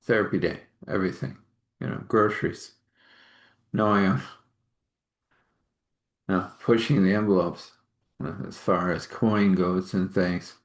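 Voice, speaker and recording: A man's voice: sits low, fairly even intonation, measured pace, long pauses. A man hosting a live meditation talk and storytelling session, speaking in a rambling, chatty way. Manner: rambling and chatty, with laughs and apologies for yawning. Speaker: spiritual healer and host.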